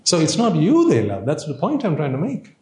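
A man's voice: on the high side, huge pitch swings, a little fast, mellow, echoey room. A man giving an informal Buddhist dharma talk, conversational and playful, full of rhetorical questions. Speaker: Buddhist teacher.

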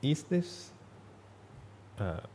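A man's voice: very slow, mellow. A man giving a Buddhist sermon in a blunt, emphatic way, repeating himself for stress. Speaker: Buddhist monk.

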